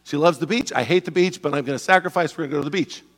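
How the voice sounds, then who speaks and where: A man preaching a sermon as pastor, animated and joking, acting out the voices of people in his stories. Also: on the high side, very fast, big-room sound. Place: church sanctuary.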